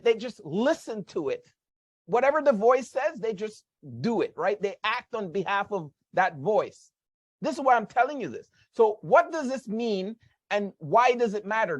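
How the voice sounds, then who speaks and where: A man's voice: high-pitched, dry recording. Emphatic man teaching money habits. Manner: emphatic, repeats key points, asks rhetorical questions. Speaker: financial educator. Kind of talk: motivational webinar lesson.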